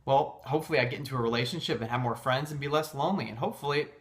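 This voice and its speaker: A man's voice: mid-range voice, natural voice. A man reading as a confiding woman prospect. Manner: quick, plain reading of scripted lines. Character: calm female weight-loss prospect, confiding.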